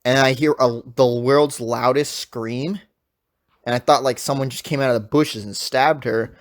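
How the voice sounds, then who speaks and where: A man's voice: mid-range voice, fairly even intonation, moderate pace. A young man, a podcast co-host, telling a long story in casual chat, rambling and swearing a lot.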